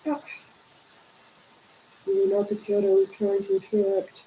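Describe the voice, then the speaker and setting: Sleepy woman host, slow rambling livestream chat, gravelly low-key voice, mellow tone, faint hiss. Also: big pitch swings, rough recording. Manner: rambling and chatty, coos at her cats. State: tired and yawning. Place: home.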